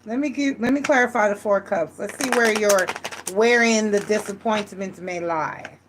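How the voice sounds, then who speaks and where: A woman's voice: medium pitch, normal speed, noisy background. A woman giving a casual, frank tarot reading, chatty and full of restarts. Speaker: tarot reader.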